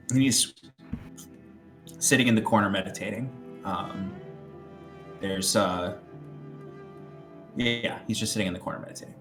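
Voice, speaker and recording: Guy dm for a tabletop game, lowish voice, rambly, music faint in the back. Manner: loose, filler-heavy, laughing often. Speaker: game master.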